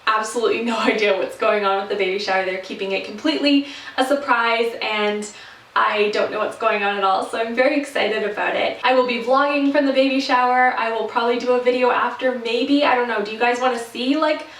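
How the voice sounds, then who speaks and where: A woman's voice: fairly high pitch, a little fast, a bit bright, recorded from a distance. A young woman from Canada chatting casually in a vlog update, rambling with fillers and restarts. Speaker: vlogger. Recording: roomy echo, voice set back from the mic.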